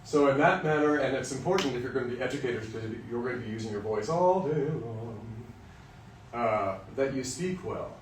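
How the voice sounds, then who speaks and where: A man's voice: mid-range voice, brisk, a little hiss or hum. A man from Western Kansas, a voice teacher, lecturing music students in a candid, joking, storytelling way. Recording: roomy sound from a distant mic.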